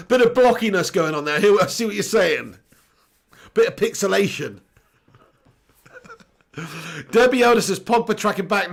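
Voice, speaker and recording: A man's voice: high voice, gravelly, a bit bright. A young English man hosting a casual live stream, reading chat comments aloud, joking, laughing and swearing casually.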